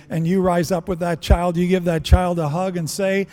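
A man's voice: sits high, level tone, moderate pace, few pauses, warm tone, in a large hall, soft background music. A man preaching a sermon in earnest, acting out prayers and bits of dialogue as he goes. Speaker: pastor.

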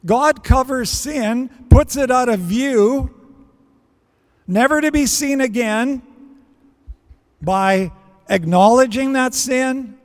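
Man, preacher, high voice, earnest sermon, acts out prayers, long church reverb. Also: slow pace, long pauses. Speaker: pastor.

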